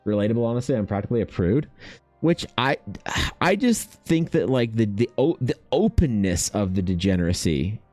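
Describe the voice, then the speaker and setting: A man's voice: fairly low pitch, sing-song, normal speed, a little mellow, no room sound, faint music behind. A man streaming while he draws, chatting in a rambling, profane, self-mocking way. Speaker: art streamer. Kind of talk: casual chat while drawing.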